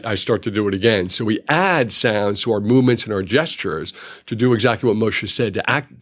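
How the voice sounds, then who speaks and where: A male clinician with a somewhat low voice explains his work in an interview. He is lively and acts out examples with playful voices and sounds. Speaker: clinician at a psychological services organization.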